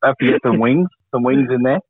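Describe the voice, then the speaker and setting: Deadpan co-host, phone-thin. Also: male voice, mid-range voice, quick pace, slightly rough. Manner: dry, deadpan, contrary. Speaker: podcast co-host. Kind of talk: casual sports chat. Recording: dry, tinny phone-like line.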